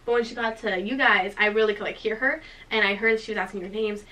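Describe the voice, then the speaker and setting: A woman's voice: medium pitch, steady tone, fast talker, bright, forceful tone. A young woman hosting a storytime vlog, telling it animatedly with constant fillers and laughter. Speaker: vlog host. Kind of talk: storytime chat. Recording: voice a bit distant from mic.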